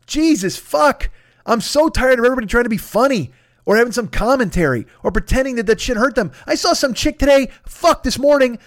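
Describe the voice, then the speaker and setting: A man's voice: very high voice, expressive, fairly quick, no room sound, clean studio sound. A man hosting a comedy podcast, riffing and ranting in a rambling, profane way. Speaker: podcast host.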